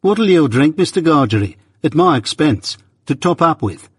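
A man's voice: fairly high pitch, very animated, normal speed, slightly rough, no echo, studio quality, pitched above the performer's own voice. A man reading the part of a sly, secretive male stranger who asks probing questions.

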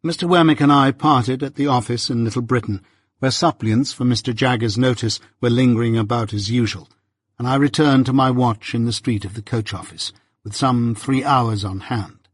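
A man reading an audiobook in a measured, unhurried way. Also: mid-range voice, no echo. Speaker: audiobook narrator. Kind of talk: scripted narration. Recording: dry close audiobook recording.

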